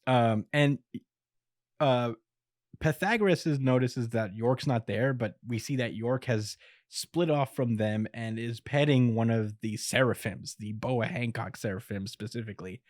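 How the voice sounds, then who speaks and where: Speaking into a podcast mic, a man hosting a show gives a relaxed recap of an episode, full of chuckles and fillers. His mid-range voice is a little slow and slightly mellow, with studio-quality sound and no room tone.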